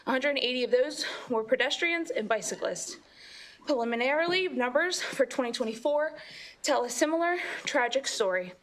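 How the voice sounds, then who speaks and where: A woman's voice: high voice, lively intonation, moderate pace. A woman, a state agency official, giving a prepared statement at a legislative hearing, somewhat out of breath. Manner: apologetic, then reads a prepared statement. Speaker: government affairs director testifying. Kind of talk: formal testimony at a legislative hearing.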